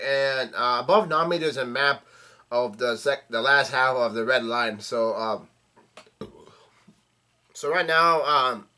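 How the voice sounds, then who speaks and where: A man's voice: mid-range voice, pushed and bright. A man casually reading and recapping a comic chapter, stumbling and restarting often. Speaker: manga reaction channel host. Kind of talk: casual read-along recap.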